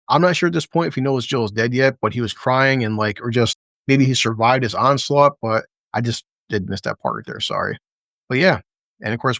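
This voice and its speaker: A man's voice: mid-range voice, fairly bright tone, dry recording, clean studio sound. A man casually reviewing a TV episode, blunt and swearing a lot as he talks through the scenes. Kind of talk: casual profane reaction commentary.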